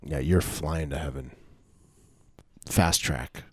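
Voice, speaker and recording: Male co-host, very low voice, deadpan, lots of hesitant fillers. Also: takes it slowly, breathy edge, dry recording. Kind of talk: casual comedic chat.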